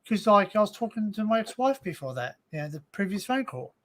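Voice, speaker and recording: Australian man, fairly high voice, casual live-stream chat, rambling and filler-heavy, desk mic at home. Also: big pitch swings, brisk, fairly bright tone. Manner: rambling, full of "you know" and "like". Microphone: desk microphone.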